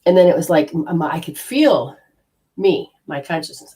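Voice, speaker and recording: A middle-aged woman from Australia shares a personal story in a loose, conversational way. Her voice sits on the low side, and she keeps leaping up in pitch to act out her own panicked inner voice. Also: lively intonation, moderate pace, warm tone. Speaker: energy healing teacher.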